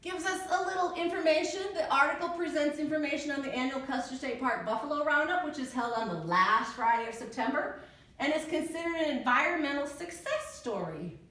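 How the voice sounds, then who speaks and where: A woman's voice: high-pitched, animated, brisk, bright, forceful tone. A woman librarian giving a chatty screen-share tutorial, thinking aloud as she clicks through a research tool. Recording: echoey room.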